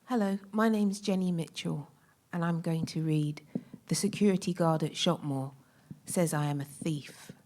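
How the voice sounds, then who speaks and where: A woman reading her own poem aloud in a measured, emphatic way at a poetry event. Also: deep voice, darkish tone. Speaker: poet reading her entry.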